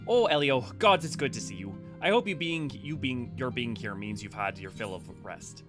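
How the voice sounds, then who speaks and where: A man voices a cheerful, chatty young woman organizer from a fantasy game, with lively ups and downs in the pitch. She sounds eager and busy, and faint music plays behind her. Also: moderate pace, natural voice.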